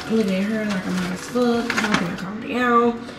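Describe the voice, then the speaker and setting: A woman's voice: a little high, steady tone, fairly quick, echoey room, far from the mic, very noisy. A young woman vlogger telling a story in casual slang, swearing freely and talking with lots of energy.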